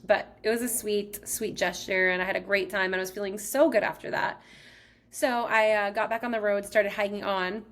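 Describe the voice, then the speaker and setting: A young woman from Texas talks through a personal story in an easygoing, conversational way. She leans on "like" between phrases and keeps a middle pitch for a woman. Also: fairly even intonation, normal speed, a bit bright. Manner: chatty, heavy use of "like". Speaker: podcast host. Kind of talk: casual storytelling.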